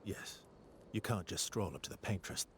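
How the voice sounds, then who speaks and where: Brief: deep, calm, measured veteran guide in a game. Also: male voice. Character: calm, seasoned male expedition guide.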